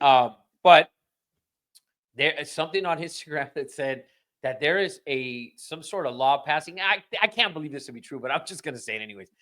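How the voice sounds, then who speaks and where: A man's voice: a little high, animated, fairly quick, bright, forceful tone. A man hosting a podcast, ranting in casual, profane chat that rambles with restarts. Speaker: podcast host.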